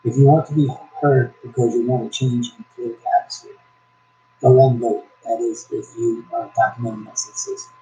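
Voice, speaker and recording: A man reading a founding text aloud slowly and haltingly, correcting himself as he goes, then giving preachy religious commentary. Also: medium pitch, steady tone, dark tone, echoey room, muffled recording. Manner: preachy, exhorting. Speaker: YouTube commentator.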